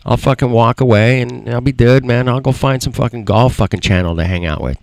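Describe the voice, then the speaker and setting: A man's voice: mid-range voice, brisk, gravelly, darkish tone, no echo. A man hosting his own livestream, ranting bitterly and swearing constantly about running the show alone all year. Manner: profane, rambling, bitter. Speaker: livestream host. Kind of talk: frustrated rant.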